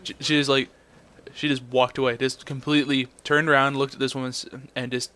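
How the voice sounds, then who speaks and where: Young man, mid-pitched voice, blunt profane rant, casual game commentary, faint gunfire behind. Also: level tone, fairly quick, bright, forceful tone, a little hiss or hum. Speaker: gameplay commentator.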